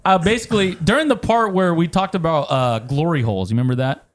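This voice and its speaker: A man's voice: fairly high pitch, fast, slight background noise. A man co-hosting a podcast, telling funny stories in casual chat, laughing often and swearing freely. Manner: animated storytelling, swears often, laughs a lot. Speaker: podcast co-host.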